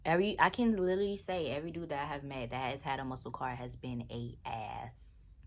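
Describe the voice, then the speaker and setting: A young woman talks straight to the camera, retelling a bad date with lively disbelief and plenty of slang. Her voice sits low for a woman, and she sounds casual and chatty the whole way through. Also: fairly quick. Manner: animated, exasperated storytelling with slang. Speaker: vlogger. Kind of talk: casual storytime chat.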